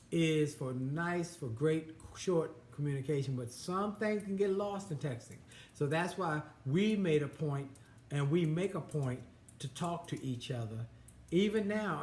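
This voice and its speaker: A man in his fifties co-hosting a marriage advice chat, halting and often restarting his words. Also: on the high side, a little mellow. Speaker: co-host. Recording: roomy echo, faint ambience.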